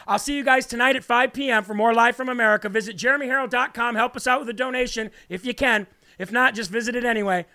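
A man hosting a live political commentary show, fiery and preacher-like, shouting at times. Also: very high-pitched, steady tone, fast. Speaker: host.

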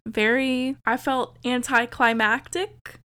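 A woman co-hosting a podcast, recapping a horror film in a chatty, profane, animated storytelling way. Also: a little high, slow pace, clean tone. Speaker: podcast co-host.

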